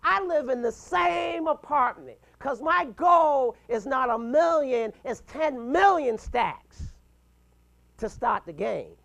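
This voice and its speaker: A man in his fifties giving an animated, punchy motivational talk to a mastermind group, chuckling between points. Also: extremely high pitch, takes it slowly, gravelly. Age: 50s.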